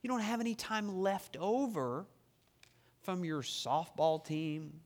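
A male pastor preaching a sermon in a church, emphatic and joking, stretching key words slowly for effect. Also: high voice. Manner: humorous, emphatic preaching with dramatic slowdowns. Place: church sanctuary. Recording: long reverb of a church hall.

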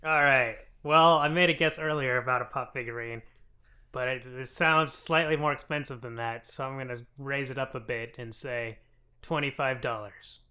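Young dude cohost, bright sharp voice, giggly and animated. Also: male voice, mid-range voice, moderate pace. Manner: animated and incredulous, with lots of giggling reactions. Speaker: podcast co-host. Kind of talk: casual chat.

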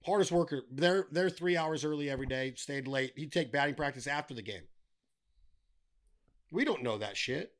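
A man's voice: mid-range voice, moderate pace, long pauses, fairly bright tone. A middle-aged man talking casually as a podcast guest, blunt and given to swearing, ranting with wry humor. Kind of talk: casual chat.

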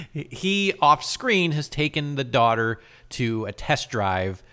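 A man co-hosting a casual film review chat, joking and breaking into loud impressions. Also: mid-range voice, big pitch swings, takes it slowly, clear, resonant tone. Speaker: podcast co-host.

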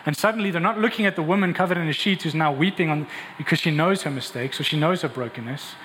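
A man preaching a sermon, telling the story in an animated, emphatic way. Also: on the high side, fast talker, long reverb tail, a little hiss or hum, poor audio. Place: church hall.

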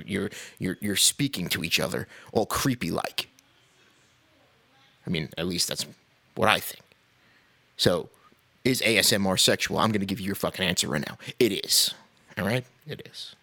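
Deep gravelly man ranting on a podcast. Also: a bit bright. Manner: profane, blunt and sarcastic; laughs between points. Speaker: podcast host. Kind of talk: casual podcast rant.

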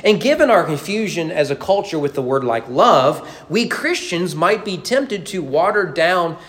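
A man's voice: on the high side, lively intonation, normal speed, fairly bright tone. A man preaching a Sunday sermon to his congregation, conversational and joking, with rhetorical questions. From United States. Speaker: pastor. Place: church sanctuary.

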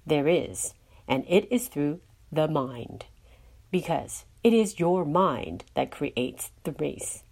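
A woman reading a storybook part as a calm, wise inner voice of the mind, speaking sympathetically. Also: sits low, slow, vocal fry, husky, pitched below the performer's own voice, full character voice. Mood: sympathetic. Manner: soothing, sympathetic.

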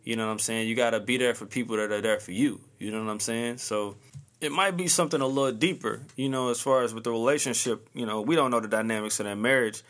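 A man's voice: mid-range voice, quick pace, a bit bright. A man in his early thirties hosting a podcast alone, talking casually in a loose, rambling way full of slang. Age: early 30s; 30s. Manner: laid-back, rambling slang-heavy talk. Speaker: podcast host. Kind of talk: casual solo podcast monologue.

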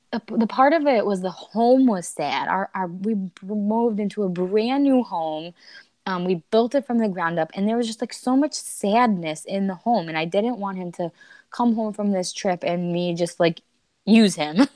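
A woman's voice: on the low side, dry recording. A woman in her thirties, a podcast guest, candidly and emotionally retelling a personal story with bursts of laughter.

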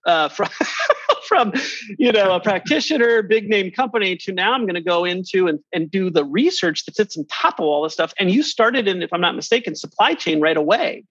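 A man hosting a conversational interview, asking eager, animated questions with many restarts. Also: sits high, fairly quick, dry recording. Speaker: podcast host. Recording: dry, dull lo-fi sound.

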